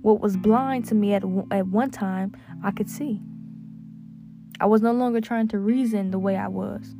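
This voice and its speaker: A woman's voice: mid-range voice, fairly even intonation. A woman podcast host giving a fervent spoken prayer and testimony while lying down in a closet, her voice muffled. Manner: fervent, repetitive, drawn-out praise. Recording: muffled closet recording over guitar music. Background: soft guitar music.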